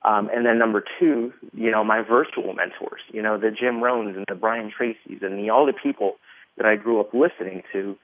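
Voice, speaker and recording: A man's voice: lowish voice, moderate pace, no room sound. Man telling his story over a phone line. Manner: rambling, lots of fillers, animated retelling. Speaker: podcast guest. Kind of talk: casual interview storytelling.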